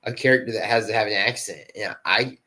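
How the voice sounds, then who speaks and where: An actor guest chatting casually on a podcast. He has a fairly low voice and a loose, slangy delivery full of casual fillers. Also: brisk, sharp tone, poor audio. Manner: laid-back, slangy, many fillers like dude and stoked. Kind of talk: casual interview chat.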